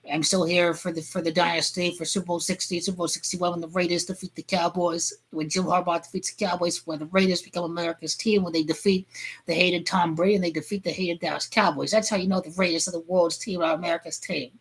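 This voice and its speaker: A woman vlogger ranting crudely about football, rambling and heated, with sudden shouting outbursts. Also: on the low side, breathy edge. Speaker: sports fan vlogger. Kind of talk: profane football rant.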